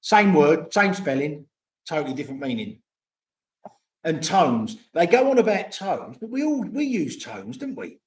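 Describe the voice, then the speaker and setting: An older Englishman chatting loosely on a livestream, rambling off on tangents and dropping the odd swear word. His voice sits somewhat high for a man. The room adds a noticeable echo. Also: sing-song, unhurried, a little hiss or hum. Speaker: vlogger. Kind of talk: casual livestream chat. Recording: roomy echo.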